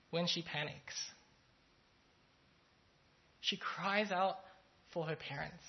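A pastor speaks to the congregation in a plain, mid-pitched voice, telling a story in an easygoing, thoughtful way. The delivery is unhurried and full of small fillers. The recording sounds a little dull and lo-fi. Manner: relaxed, thoughtful, with frequent "uh" fillers. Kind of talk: conversational sermon with storytelling.

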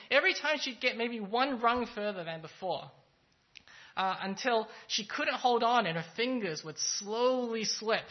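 Relaxed pastor telling a story. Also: medium pitch. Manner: relaxed, thoughtful, with frequent "uh" fillers. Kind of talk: conversational sermon with storytelling. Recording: slightly dull, lo-fi sound.

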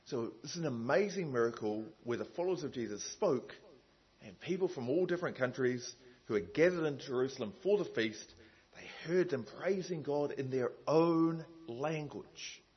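A man preaches in a relaxed, talky way and often stops for asides and fillers. His voice is husky and sits at a middle pitch. The recording sounds dull and lo-fi. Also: moderate pace. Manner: conversational, many fillers and asides. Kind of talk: sermon.

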